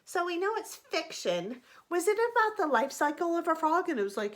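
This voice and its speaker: Animated woman teacher reading aloud. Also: very high-pitched, moderate pace. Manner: animated, asks the listeners questions. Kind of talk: reading a picture book aloud to children.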